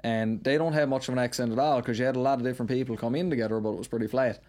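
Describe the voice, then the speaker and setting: A man's voice: mid-range voice, steady tone, darkish tone. A man in his thirties with a broad Newfoundland Southern Shore accent, chatting as a podcast guest in a rambling, storytelling way. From Newfoundland, Canada. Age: 30s. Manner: rambling, storytelling, quick with local turns of phrase. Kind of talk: casual chat.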